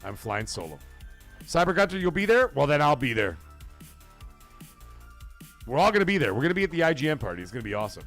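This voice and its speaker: A man with a voice on the high side hosts a casual stream, talking quickly but leaving long pauses as he swears, reads comments from viewers, and tells animated, wandering stories. Soft music plays underneath.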